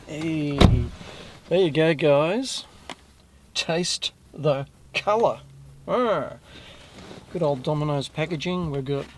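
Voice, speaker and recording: Chatty Australian man with a higher voice. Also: slight background noise. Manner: chatty, rambling, self-correcting asides. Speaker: food reviewer vlogger. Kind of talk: casual food review to camera.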